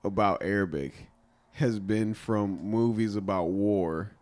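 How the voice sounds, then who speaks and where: A man co-hosting a podcast in casual chat, animated, laughing often and swearing freely. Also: on the low side, slow pace. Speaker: podcast co-host.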